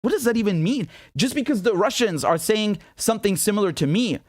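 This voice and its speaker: A man's voice: high-pitched, lively intonation, brisk, a little mellow, no room sound, clean studio sound. A man from Britain delivering indignant solo political commentary, incredulous and repeating himself, often restarting sentences.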